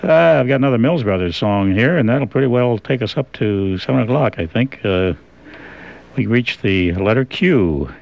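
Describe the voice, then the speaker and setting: A man hosting a radio show of old records, talking in a relaxed, rambling way with many pauses and fillers. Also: mid-range voice, creaky. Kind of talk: casual radio presenting. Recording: dull lo-fi radio sound.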